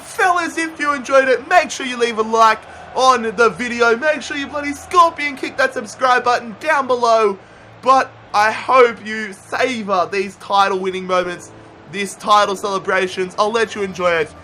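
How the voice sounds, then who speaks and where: A man commentating his own football video game match, muttering through tense play and yelling at big moments. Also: high voice, fairly even intonation, moderate pace, a little hiss or hum. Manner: swings from muttering to shouting at goals. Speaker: gaming YouTuber. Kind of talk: excited play-by-play gaming commentary.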